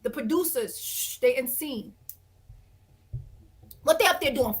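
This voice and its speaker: A woman guest on an interview podcast, telling a story in a blunt, dramatic and expressive way, acting out other people. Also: high voice, measured pace, long pauses, slightly rough. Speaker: guest, reality dating show cast member.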